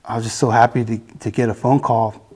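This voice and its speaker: A man giving a personal faith testimony, earnest and halting, often restarting his sentences. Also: mid-range voice, flat delivery, a little mellow, breathy edge.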